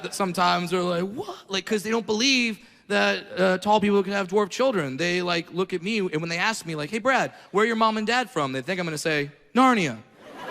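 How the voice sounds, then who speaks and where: Brash, high-voiced stand-up comedian, gravelly. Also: male voice. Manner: brash, crude, punchy, rising to shouts. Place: comedy stage in a large venue. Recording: live hall reverb with crowd laughter.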